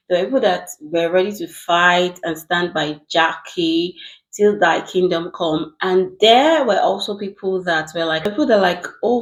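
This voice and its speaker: A woman host narrates a commentary video in a casual, chatty way, talking straight to her audience. Her voice sits slightly low. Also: rough recording. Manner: chatty, addresses viewers directly.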